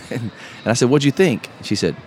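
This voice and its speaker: A middle-aged man, a podcast host telling a story in casual, animated chat. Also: mid-range voice, moderate pace. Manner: animated storyteller, calls listener bro. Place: live podcast event. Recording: live event, faint noise behind.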